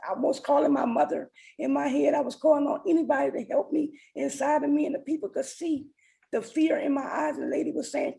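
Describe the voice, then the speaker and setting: A woman's voice: sits high, steady tone, brisk, vocal fry, mellow, rough recording. A woman in her forties giving an earnest, emotional personal testimony as a summit speaker. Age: 40s.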